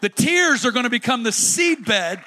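Bright high-voiced man preaching. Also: big pitch swings, measured pace, a little hiss or hum. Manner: dramatic, swings from loud to hushed. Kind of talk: sermon.

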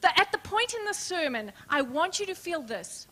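A woman pastor preaching a sermon, emphatic and questioning, dropping to soft hushed words, calling the congregation her friends. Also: very high voice, sing-song, normal speed. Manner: addresses congregation as friends, asks rhetorical questions. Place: church.

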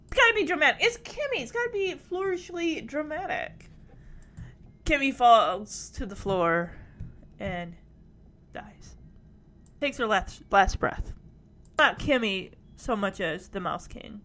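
A woman recapping a TV show in a casual vlog, animated and laughing often. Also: on the high side, a little slow, long pauses.

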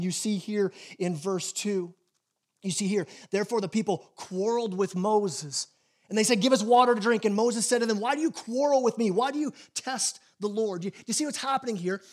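A man with a notably high voice delivers a sermon as pastor. He tells stories in an animated way, stumbles into quick restarts and acts out the quotes he uses. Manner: animated storytelling with acted quotes and repeated restarts.

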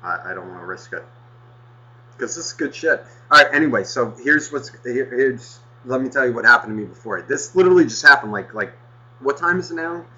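A man's voice: medium pitch, expressive, fairly quick, bright, forceful tone, highs cut off. A man telling a rambling story in casual chat, swearing constantly as he goes.

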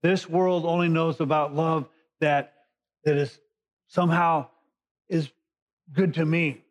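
A man's voice: on the high side, steady tone, slow pace. A male pastor giving a conversational sermon, explaining scripture in everyday words. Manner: conversational Bible teaching, paraphrasing scripture. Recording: dull lo-fi recording.

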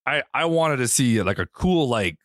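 A man's voice: mid-range voice, lively intonation, moderate pace, dry recording, clean studio sound. A man co-hosting a podcast, rambling casually about a movie with many fillers. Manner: rambling, lots of fillers like "like" and "you know". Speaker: podcast co-host. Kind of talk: casual movie review chat. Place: Sydney.

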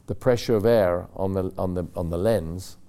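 An older man on a talk-show stage tells a meandering story about his racing days. His voice sits low and sounds warm and relaxed. He keeps correcting himself mid-sentence and briefly puts on the voices of the people he quotes. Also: moderate pace. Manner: rambling and self-correcting, acts out quoted voices. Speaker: racing driver guest. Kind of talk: anecdotal storytelling.

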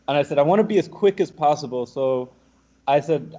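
A young man, a podcast guest, telling a lively anecdote and acting out what the other people said. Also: a little high, brisk, highs cut off. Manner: animated, acts out the other people's lines. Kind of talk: casual storytelling.

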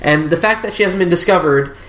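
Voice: medium pitch, a little fast, fairly bright tone, roomy sound. A game master narrating a tabletop game in a loose, rambling way, full of likes and restarts.

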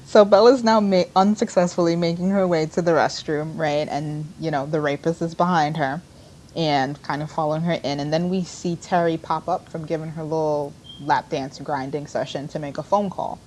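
A woman's voice: low-pitched, moderate pace, a little hiss or hum. A woman in a casual podcast chat, steadily recapping a show scene by scene. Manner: detailed, steady plot recap.

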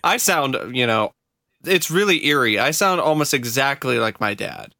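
A man co-hosting a casual podcast, ranting in animated, profane bursts. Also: medium pitch, normal speed, dry recording, studio quality. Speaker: podcast co-host. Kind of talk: casual chat.

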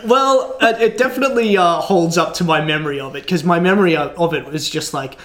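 A podcast co-host from Australia, a man with a slightly raised pitch. He rambles through long anecdotes in casual chat, restarting sentences and piling up fillers. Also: a little fast, a bit bright.

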